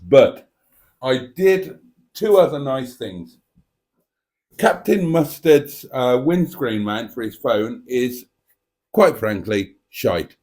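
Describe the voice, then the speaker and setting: A man's voice: medium pitch, big pitch swings, slow pace, a little mellow. A man hosting a live stream, chatting casually and reading out viewer comments in a playful, cheeky, theatrical way.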